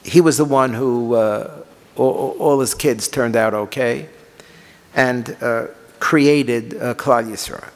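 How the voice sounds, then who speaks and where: A man teaching as a rabbi, reading Hebrew lines and explaining them, moving between quiet explanation and passionate pleading cries. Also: mid-range voice, takes it slowly. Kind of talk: Torah lecture on liturgical laments. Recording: long hall reverb.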